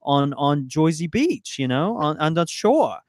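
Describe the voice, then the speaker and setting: A man's voice: on the high side, sing-song, unhurried, no echo, clean studio sound. Rambling man co-hosting a podcast. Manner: rambling, laid-back, many fillers. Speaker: podcast co-host and shop owner. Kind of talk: casual live podcast banter. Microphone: studio mic.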